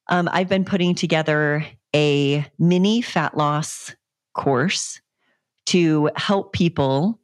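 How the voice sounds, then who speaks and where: A woman's voice: deep voice, no room sound, clean studio sound. A woman in her thirties hosting a casual podcast as a fitness coach, telling stories with a lot of laughter and playful sarcasm. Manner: giggly, animated storytelling with frequent laughter. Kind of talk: casual solo podcast chat.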